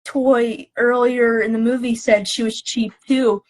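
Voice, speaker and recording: A relaxed woman guest chats about a film with a slightly high, husky voice. She speaks softly and unhurriedly, and chuckles easily between thoughts. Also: measured pace. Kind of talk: casual movie review chat.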